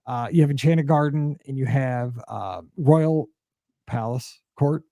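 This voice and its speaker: A man in his forties, a podcast host, telling a story in casual chat with many fillers and excited jumps in pitch. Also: measured pace, creaky, no room sound, studio quality.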